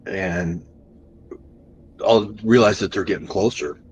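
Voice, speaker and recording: Low-voiced man telling a tense story. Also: a little hiss or hum, poor audio. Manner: animated storyteller, slows down for tense moments. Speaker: podcast guest. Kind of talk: recounting an encounter story.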